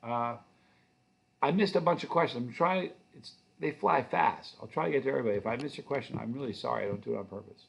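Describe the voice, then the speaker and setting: Gravelly-voiced guy rambling thru viewer comments on his stream, friendly, keeps restarting. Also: medium pitch, fast talker. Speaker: channel host. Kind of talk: livestream chat answering viewer questions.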